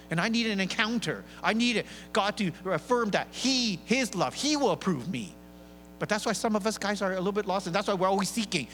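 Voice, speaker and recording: A middle-aged man preaching a sermon in a church, animated and playful, mimicking his congregation with big swings in voice. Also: high voice. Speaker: pastor. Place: large church hall. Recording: live church hall reverb, faint hum.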